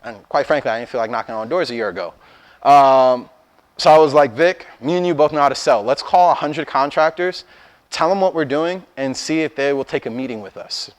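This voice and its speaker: A young man telling a casual story to an audience at a startup talk, acting out the dialogue with lively swearing. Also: medium pitch, fairly quick, rough recording. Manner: animated, swears freely, acts out dialogue. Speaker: startup founder giving a talk.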